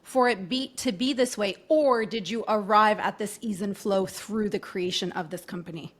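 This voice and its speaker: A woman hosting a podcast interview, casual and effusive, reacting warmly and asking questions. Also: medium pitch, moderate pace. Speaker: podcast host.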